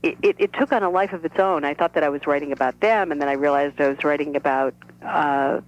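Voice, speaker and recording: Woman playwright, phone-in guest, thoughtful and animated, dull telephone sound. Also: sits low, quick pace. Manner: reflective, animated, many restarts. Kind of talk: phone interview on radio.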